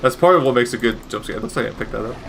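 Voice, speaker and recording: A man's voice: mid-range voice, lively intonation, racing, creaky, a bit bright, slight background noise. A man giving casual, rambling gameplay commentary with wry asides and frequent self-corrections. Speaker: gaming commentator.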